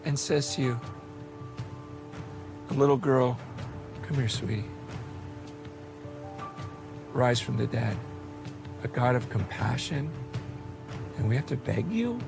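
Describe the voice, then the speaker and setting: A man preaching a sermon with urgent passion, often repeating words as he presses his point. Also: a little high. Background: music.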